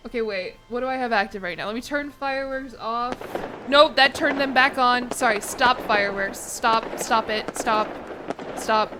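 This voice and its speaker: A woman's voice: a little high, moderate pace, music in the background. A young woman streamer chatting casually with her chat from her apartment, laughing often and swearing casually. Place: home apartment.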